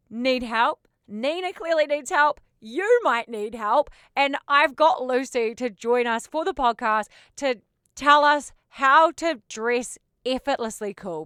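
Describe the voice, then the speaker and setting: A woman's voice: a little high, bright, forceful tone, smooth, dry recording, clean studio sound. A woman, hosting a podcast in a bubbly, chatty way, full of "like". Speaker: podcast host. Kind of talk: casual chat.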